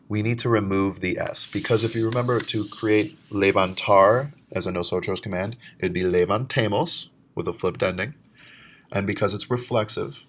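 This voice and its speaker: Deep-voiced man teaching a lesson. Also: fairly bright tone. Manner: explains step by step, slows down to model pronunciation. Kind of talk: recorded lecture.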